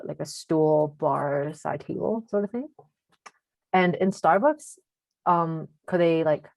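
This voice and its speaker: A teenage girl with a deep voice, chatting casually as a podcast co-host and telling a story, full of fillers and switching into Cantonese now and then. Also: gravelly, darkish tone, dry recording. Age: teens. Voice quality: deep voice for a woman.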